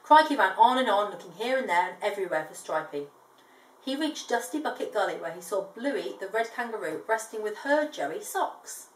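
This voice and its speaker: A woman reading a storybook aloud to a child, gentle, with chatty asides between pages. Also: mid-range voice, lively intonation, normal speed. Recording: echoey room, distant mic.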